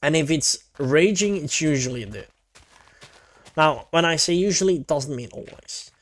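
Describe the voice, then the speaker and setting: A man's voice: a little high, animated, moderate pace, fairly bright tone. A male VTuber chatting casually with his stream, laid-back and rambling, with casual swearing.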